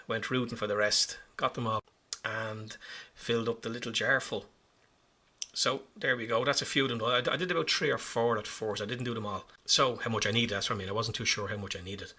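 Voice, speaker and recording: A man's voice: fairly low pitch, sharp tone, breathy edge. A man talking casually over his hobby footage in a chatty, self-mocking way, rambling as he explains each step. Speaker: hobby vlogger.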